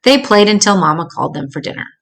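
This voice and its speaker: Reading a children's picture book to listeners, an older woman tells the story gently and expressively, with a few small slips. Her mid-range voice is gravelly and her pace is quick.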